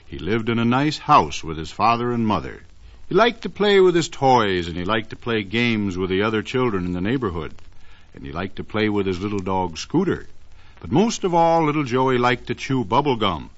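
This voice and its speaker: A man with a lowish, very animated voice narrates a children's story in a sing-song manner, drawing out words for emphasis. The recording is old, dull, and lo-fi.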